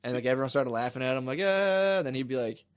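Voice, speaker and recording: A man in his thirties telling stories in casual chat, animated, swearing and slipping into voices. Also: mid-range voice, racing, no echo. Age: 30s.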